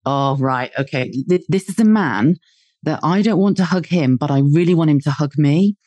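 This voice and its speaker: A woman's voice: deep voice, moderate pace, mellow. A British woman in casual conversation, chatty, laughing easily and swearing freely. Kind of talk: casual chat.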